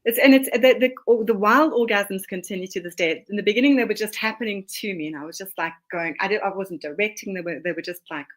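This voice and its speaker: A woman from Johannesburg with a South African accent, a guest chatting excitedly on a podcast and often restarting her sentences. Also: mid-range voice, fast talker, hardly any pauses. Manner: excited, rambling, with frequent restarts. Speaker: guest, oracle deck author. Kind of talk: casual podcast interview.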